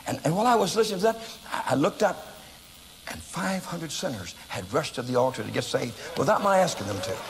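Animated older American evangelist in a hall. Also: male voice, fairly high pitch, quick pace, gravelly, slight background noise. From United States. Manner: animated storyteller, bursts into shouts, laughs at himself. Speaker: evangelist preacher. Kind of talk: storytelling sermon.

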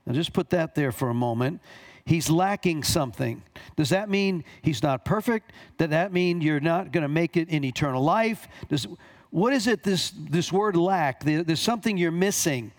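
A male pastor preaches a sermon in a voice slightly higher than usual, reading scripture aloud and stopping to comment on it. He repeats key phrases for emphasis, his pitch jumps on the quoted lines, and his delivery is animated.

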